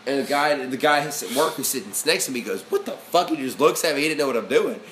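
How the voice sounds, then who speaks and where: A man co-hosting a casual podcast chat, talking in a profane, excitable way and breaking into loud shouted bits. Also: medium pitch, fast. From Alabama. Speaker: podcast co-host. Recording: echoey room with faint ambient noise.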